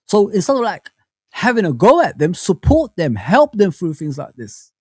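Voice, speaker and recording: Male streamer, a touch higher pitched than most men, animated and rambling, close dry mic. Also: moderate pace, no echo. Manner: animated, rambling, heavy on slang fillers like bro and man. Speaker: host of a live football fan chat. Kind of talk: casual live-stream chat, reading comments aloud.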